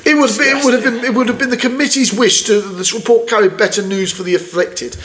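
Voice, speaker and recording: A man's voice: extremely high pitch, steady tone, fast, fairly bright tone. A man co-hosting a podcast, reading news aloud and ranting angrily with lots of swearing. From United Kingdom. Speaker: podcast co-host. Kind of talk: casual ranting political chat.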